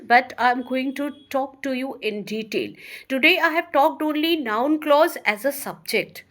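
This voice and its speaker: A woman teaching an English grammar lesson, reading example sentences slowly and emphatically, with some fillers and restarts. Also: a little high, a bit bright.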